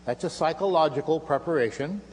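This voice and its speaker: An older man with a fairly high, slightly mellow voice speaks briskly while giving a live lecture with magic demonstrations. Standing on a lecture hall stage before an audience, he uses playful, self-mocking showman patter. The live hall recording carries a faint hum, with audience laughter behind.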